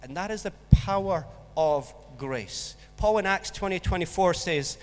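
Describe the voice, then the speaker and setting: A pastor with a high voice speaks a little slowly yet hardly pauses at all. He's giving a sermon in a church hall full of long reverb, bringing a school anecdote to life by acting out its voices.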